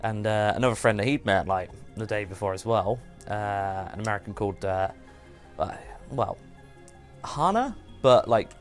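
A man with a slightly low voice chats casually while streaming a game. He rambles, trails off and restarts his sentences, with faint game music playing underneath. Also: expressive, moderate pace. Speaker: livestream host. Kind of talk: casual gameplay chat.

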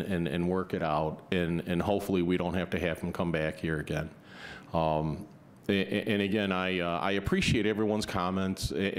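A man serving as alderman, giving remarks at a council meeting, halting with many ums and restarts. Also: low-pitched. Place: council chamber.

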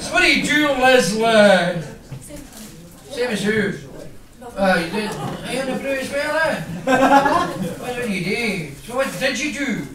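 A man's voice: very high voice, expressive, measured pace, pauses often. A Scottish man compering at a comedy club, teasing an audience member with brash, crude banter on stage. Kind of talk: live stand-up crowd banter. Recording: echoey club, distant mic, loud crowd.

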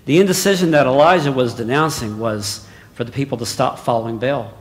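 A male preacher delivering a sermon, dropping to hushed asides and then rising to loud exclamations. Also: medium pitch, a little fast. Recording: long hall reverb.

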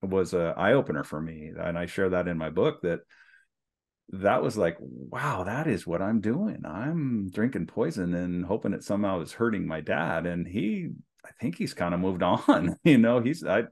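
Podcast guest, man, low voice, measured and thoughtful delivery. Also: expressive, a little mellow. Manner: measured and reflective, with some restarts. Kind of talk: reflective conversation.

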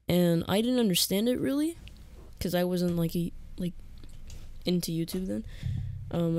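A woman's voice: on the low side, warm tone. A woman YouTuber chatting casually to her viewers, hesitant and rambling with lots of fillers. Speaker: gaming YouTuber. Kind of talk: casual chat to camera.

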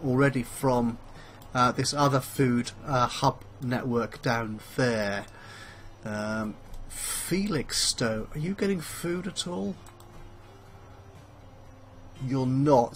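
A man's voice: medium pitch, fairly bright tone, slight background noise. A man hosting a let's play, thinking aloud with plenty of fillers in a chatty, self-mocking way. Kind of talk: casual game commentary. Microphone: headphones with a desk mic.

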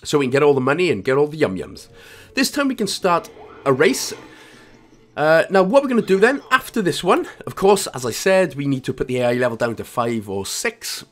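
A man's voice: fairly high pitch, sing-song, a little fast. A man with a Welsh accent talking through a video game walkthrough in a chatty, jokey way with self-mocking asides. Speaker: gaming guide creator.

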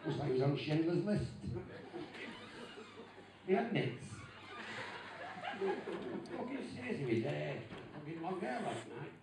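A brash stand-up comic from England works the crowd in a bar, trading crude insults and swearing freely. His voice sits a touch high and sounds far from the mic, with heavy room echo and clear crowd noise around him. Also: big pitch swings, a little slow, pauses often. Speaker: stand-up comedian. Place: bar show stage. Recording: distant, echoey and noisy club recording.

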